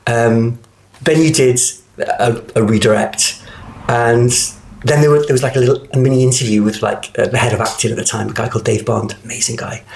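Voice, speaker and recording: A man's voice: medium pitch, gravelly. A middle-aged man, chatting as an interview guest and acting out quoted voices as he tells stories. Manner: chatty storyteller, acts out quotes, many restarts. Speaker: guest actor. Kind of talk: casual interview chat.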